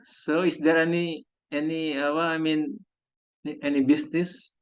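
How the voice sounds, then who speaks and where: A man from Indonesia hosting a casual video call conversation, talking in a halting way as he searches for words. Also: fairly high pitch, level tone, clear, resonant tone. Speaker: host.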